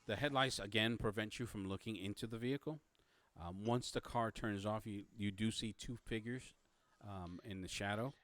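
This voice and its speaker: A man narrating a tabletop game as game master, halting, with many fillers and restarts. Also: lowish voice, a bit bright, no echo.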